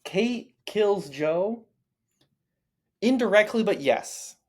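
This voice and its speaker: A man co-hosting a book podcast, in casual chat, self-mocking and quick to laugh, with plenty of ums. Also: high-pitched, lively intonation, slightly rough. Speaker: podcast co-host.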